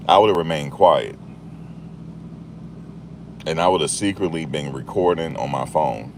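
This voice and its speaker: A man's voice: rumbling low, slight background noise. A man hosting a casual commentary monologue, chatty and repetitive, laughing at the story he tells. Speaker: YouTube commentary host.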